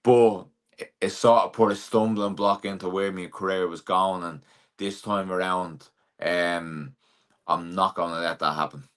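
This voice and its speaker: Speaking low and unhurried, a young Irishman who boxes professionally chats through a casual interview. His delivery is easygoing and plain, sprinkled with lots of fillers.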